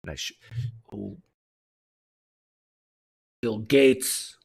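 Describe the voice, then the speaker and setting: A man's voice: fairly low pitch, lively intonation, extremely slow, vocal fry, a little mellow, breathy edge. A man hosting a casual livestream, joking sarcastically while he fights his microphone settings at a home streaming setup. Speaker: host. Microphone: desktop streaming mic.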